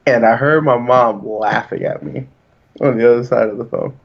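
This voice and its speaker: A man's voice: medium pitch, moderate pace, creaky, dull audio. A man in his thirties, a podcast co-host, talking in an earnest, reflective way as he tells personal stories. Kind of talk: casual chat.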